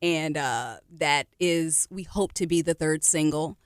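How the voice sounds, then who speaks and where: A woman singer talks with a radio host in the studio, animated and encouraging, with plenty of fillers. Her voice sits on the low side. The sound is dry and close. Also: unhurried, clean tone, dry recording. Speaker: R&B singer, interview guest. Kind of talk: casual radio interview.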